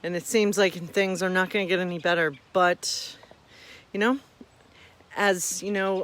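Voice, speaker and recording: A woman's voice: medium pitch, a bit bright. A woman pastor hosting a home stream, talking casually to viewers in a rambling, self-deprecating way, slightly out of breath. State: a little out of breath.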